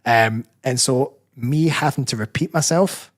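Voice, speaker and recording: A man's voice: mid-range voice, unhurried. A man with a Scottish accent, a personal trainer talking as a guest in a casual interview, reflective and rambling, often correcting himself mid-sentence. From Scotland.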